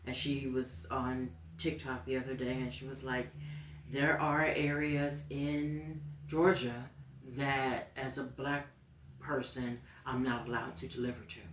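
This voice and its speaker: A woman chats casually as a guest, her thoughts trailing off and circling back with "you know". The recording picks up a roomy living-room echo with a faint hum behind her. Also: a bass voice. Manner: loose, trailing-off speech with frequent "you know". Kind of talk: casual conversation.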